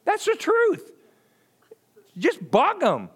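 A middle-aged man gives a conversational sermon, telling stories in an animated way, acting out quoted voices and chuckling often. His voice is very high, and he speaks very slowly.

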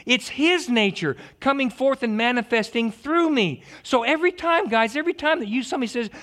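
Animated high-voiced preacher man. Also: a little fast. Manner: animated preaching, stammering restarts and jokes. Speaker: pastor. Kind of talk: sermon.

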